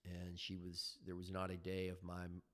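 Low-voiced man in his fifties, halting. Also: completely flat delivery, a bit bright. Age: 50s. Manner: halting, reflective, many fillers and restarts. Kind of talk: personal recovery story. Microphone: headset.

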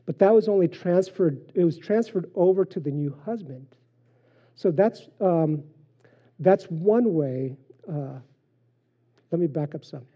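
Guy giving a sermon, bit high voice, husky, chatty w lots of uhs, muffled lo-fi audio. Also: lively intonation, unhurried, pauses often. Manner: conversational preaching with frequent fillers and anecdotes. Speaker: pastor. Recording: dull lo-fi sermon recording.

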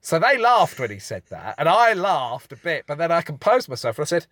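Animated man telling stories, dry sound. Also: fairly high pitch, a little fast, dry recording. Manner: animated storytelling, laughing. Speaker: podcast co-host, comedian. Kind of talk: casual comedic chat.

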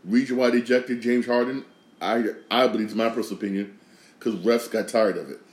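A man's voice: medium pitch, fairly even intonation, brisk. A man hosting a podcast, giving opinionated sports and news commentary in an emphatic way, repeating phrases and restarting sentences. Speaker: podcast host. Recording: echoey room.

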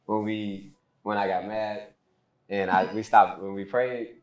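A young man in casual family conversation, telling a story with animated quotes of what others said. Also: fairly low pitch, unhurried. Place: small room. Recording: roomy echo.

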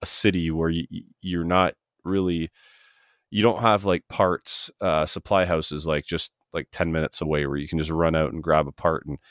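A man's voice: extremely low pitch, steady tone, normal speed, dry recording, clean studio sound. A Canadian man hosting a trade podcast in a chatty, rambling way, often restarting his sentences. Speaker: podcast host. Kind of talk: casual interview. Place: home basement studio.

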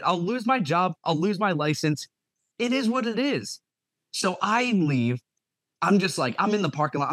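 A young man, a nurse and podcast co-host, telling a profane, animated story in casual talk. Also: a little high, dry recording. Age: young adult.

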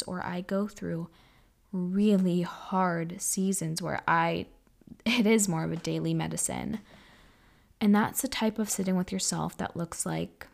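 A woman in her twenties hosting a reflective solo podcast, speaking softly and earnestly and often sinking into a breathy whisper. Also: on the low side. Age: 20s. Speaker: podcast host.

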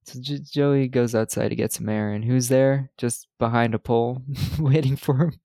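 Laid-back gravelly man recapping a film. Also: mid-range voice, steady tone, normal speed, dark tone, no echo. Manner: laid-back, retells scenes with quoted lines and frequent laughs. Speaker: podcast co-host recapping a film. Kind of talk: casual chat.

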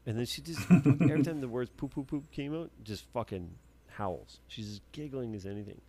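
A man's voice: medium pitch, fairly quick, dark tone, slight background noise. A man co-hosting a podcast, rambling casually and swearing freely. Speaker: podcast co-host. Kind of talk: casual chat.

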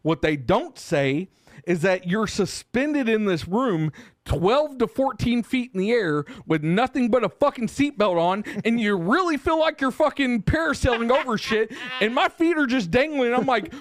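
A man co-hosting a podcast, telling a long story in casual, profane chat and getting loud and animated when worked up. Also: very high-pitched, moderate pace, dry recording, studio quality. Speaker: podcast co-host.

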